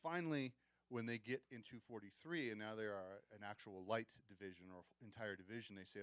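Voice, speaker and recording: A man's voice: on the low side, fairly quick, fairly bright tone, no room sound. A man giving a casual, wry history lecture about soldiers' training at a museum event, often restarting his sentences.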